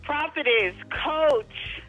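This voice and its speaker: A woman's voice: high voice, lively intonation, drawn-out words, phone-quality sound, faint music behind. A woman calling in by phone to a talk show, close to tears, gushing with pride and affection. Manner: tearful and gushing, fighting back tears. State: close to crying. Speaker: caller. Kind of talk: emotional call-in tribute. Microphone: phone line.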